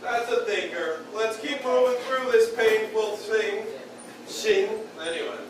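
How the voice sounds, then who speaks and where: A man's voice: sits high, a little slow. A man doing a stand-up comedy set of crude one-liners in a beer hall, jabbing at the crowd. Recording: echoey room from far off, bar noise.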